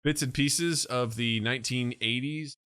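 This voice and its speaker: A man co-hosting a podcast in casual chat, a rambling storyteller who keeps slipping into quick impressions. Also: medium pitch, a bit bright, smooth. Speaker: podcast co-host.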